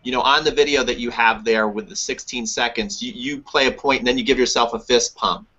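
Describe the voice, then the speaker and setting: A man with a bright, forward voice speaks emphatically as a tennis coach, leaning on repeated words to stress his points. He is heard through muffled, lo-fi webinar audio. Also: mid-range voice, fairly even intonation, fairly quick, breathy edge. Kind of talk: casual webinar discussion.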